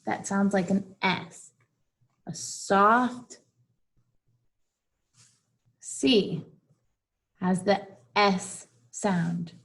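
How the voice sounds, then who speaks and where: Woman doing a kids phonics lesson, super slow, says every word twice. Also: medium pitch, creaky, fairly bright tone. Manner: slow, deliberate, repeating each word twice. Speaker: teacher. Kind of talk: phonics lesson for young children.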